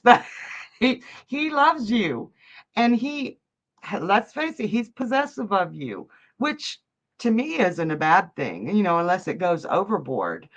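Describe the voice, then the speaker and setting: A woman's voice: mid-range voice, dull audio. A woman giving psychic and tarot readings on a live stream, emotional and laughing often as she reads out viewers' messages. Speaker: psychic medium and card reader.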